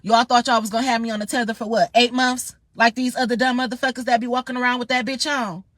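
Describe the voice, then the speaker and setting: A woman's voice: fairly high pitch, fairly even intonation, quick pace, a bit bright, no echo. A woman ranting in a heated, profane, confrontational monologue straight to her viewers. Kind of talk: angry monologue vlog.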